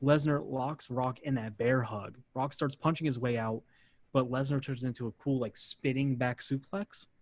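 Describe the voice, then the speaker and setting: A podcast host narrates a match play by play in a relaxed manner, leaning heavily on "uh" fillers. His voice is mid-range, and he speaks at a normal speed.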